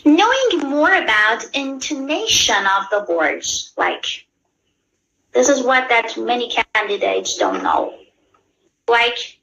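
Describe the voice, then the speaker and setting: A woman's voice: on the high side, pushed and bright. A woman with a Persian accent teaching an English exam class, explaining patiently and checking in with her students often. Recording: echoey room.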